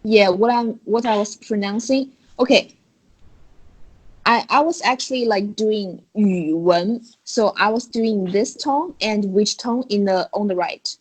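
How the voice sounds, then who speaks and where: A woman's voice: a little high, unhurried, low-quality recording. A woman teaching Chinese tones online, patiently demonstrating and explaining how each tone moves. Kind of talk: online tone lesson. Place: recorded video call.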